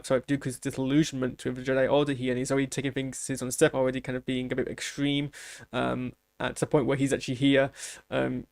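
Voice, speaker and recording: Male reaction host, casual commentary, gravelly voice, dry close sound, rambles and restarts a lot. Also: mid-range voice, dry recording. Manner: rambling, thinking aloud with many restarts.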